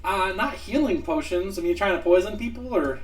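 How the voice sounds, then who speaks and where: High-pitched guy dm-ing a tabletop game, chatty, laughs a lot. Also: animated, brisk. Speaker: game master.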